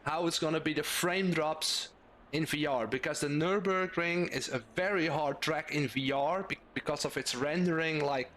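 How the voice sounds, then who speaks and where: A man's voice: a little high, fairly bright tone, a little hiss or hum. A young man streaming a sim race, thinking aloud casually as he drives and tunes his car setup. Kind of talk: live-stream commentary while driving.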